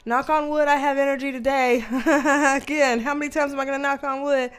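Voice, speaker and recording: A woman's voice: high voice, fairly even intonation, normal speed, faint music behind. A woman hosting a casual livestream, greeting viewers by name and laughing often. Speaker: livestream host and tarot reader.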